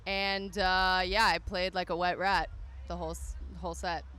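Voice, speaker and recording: A woman's voice: on the low side, level tone, moderate pace, pushed and bright, clear, resonant tone. Easygoing woman, casual talk. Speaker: musician. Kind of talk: casual festival Q&A.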